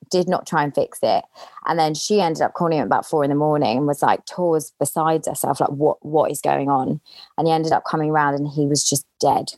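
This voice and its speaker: A woman as a podcast guest, candidly telling a personal story in an animated way, acting out the lines she quotes. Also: low voice, dry recording.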